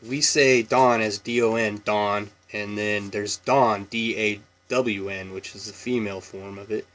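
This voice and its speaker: In an unhurried, lowish voice, a thirtysomething man from Washington State works through an accent tag in his home-state accent. His talk is relaxed and meandering, dotted with ums and small laughs.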